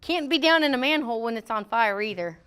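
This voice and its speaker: A woman's voice: fairly high pitch, animated, fast talker, fairly bright tone, clear, resonant tone. A middle-aged woman teaching a workplace safety class in a joking way, acting out what people say in funny voices. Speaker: safety trainer. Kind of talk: classroom training talk.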